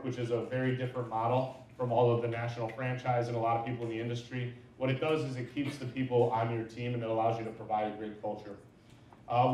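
A man's voice: medium pitch, dark tone, slight background noise. A man in his thirties, a business owner, giving an informal talk and rambling through anecdotes with lots of fillers. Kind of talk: informal lecture. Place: large echoey lecture room. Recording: echoey hall from far off.

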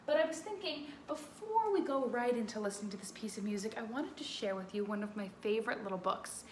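A woman music teacher giving an animated lesson to young children, talking to them directly and expressively. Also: fairly high pitch, brisk, reverberant, a little hiss or hum.

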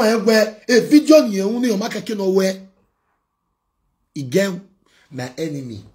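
A man's voice: mid-range voice, darkish tone. A man with a Nigerian accent, a blogger ranting heatedly, scolding and warning in a vlog.

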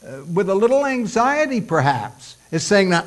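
A man's voice: high voice, big pitch swings, normal speed. A male pastor preaching a sermon, acting out prayers in a raised voice, with folksy asides.

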